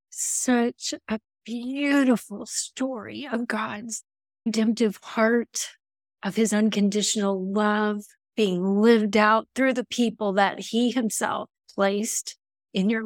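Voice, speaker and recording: Woman host for a faith interview, unhurried, affirming, dry close sound. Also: mid-range voice, steady tone, dry recording. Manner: slow, affirming responses. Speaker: podcast host. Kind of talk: interview chat.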